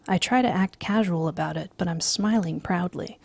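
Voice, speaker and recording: Woman reading a book out loud, slow and deadpan, husky low voice, very dry sound. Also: no room sound. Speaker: reader. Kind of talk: audiobook reading.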